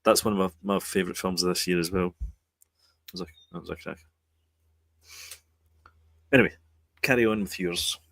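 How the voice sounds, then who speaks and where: A man co-hosting a podcast, hesitant and halting as he talks about TV shows. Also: sits low, steady tone, gravelly, a bit bright, no echo. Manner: hesitant, fills with ums and restarts. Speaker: podcast co-host. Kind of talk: casual chat.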